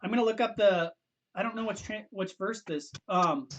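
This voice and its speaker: A young man hosting a youth ministry livestream, chatting loosely with quick restarts and easy laughs. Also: high-pitched. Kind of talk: casual livestream chat.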